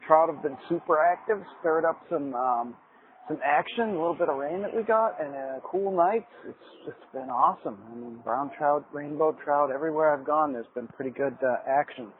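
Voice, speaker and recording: A man calling in a rambling, excited fishing report with many fillers. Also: fairly high pitch, moderate pace. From New Hampshire. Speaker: fly fishing correspondent calling in. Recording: phone line with faint background noise.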